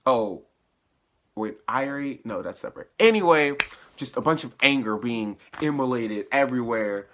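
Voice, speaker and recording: A man giving a casual spoiler recap of a TV episode, chatty and slangy, with sudden bursts of excitement as he retells scenes. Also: mid-range voice, normal speed, background noise. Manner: laughs and uses slang while recapping. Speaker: TV episode reviewer.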